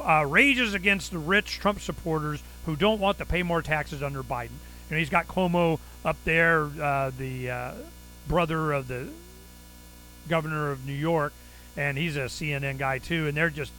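Animated sarcastic man with faint hum. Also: a little high, low-quality recording. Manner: animated storytelling, acts out quoted people, sarcastic. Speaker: commentary show host. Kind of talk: casual monologue commentary.

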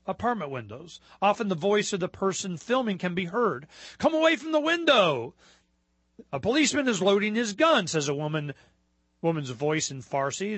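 A man hosting a talk show, reading news items out loud and drifting into rambling asides with lots of fillers and restarts. His voice is bright and a touch high. The sound is close and dry, with almost no room around it. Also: dry recording.

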